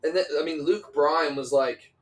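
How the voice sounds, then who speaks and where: A man's voice: fairly high pitch, moderate pace, far from the mic, poor audio. A young man from England, chatting as a guest in an interview, rambling and restarting his sentences, swearing casually. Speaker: guest singer.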